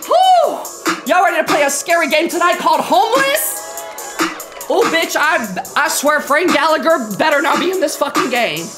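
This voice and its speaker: A young woman streaming live, loud, profane and excitable, talking to her chat. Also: high-pitched, moderate pace, crowd noise. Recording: music playing under the stream. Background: background music.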